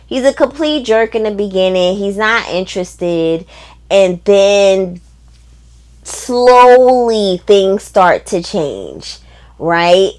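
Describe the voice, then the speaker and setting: A woman's voice: medium pitch, lively intonation, slow, a little mellow. A woman book vlogger talking casually and emphatically, with lots of fillers and frequent laughs. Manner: chatty, emphatic, many fillers; reads quotes in a voice, laughs often. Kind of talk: casual book review chat.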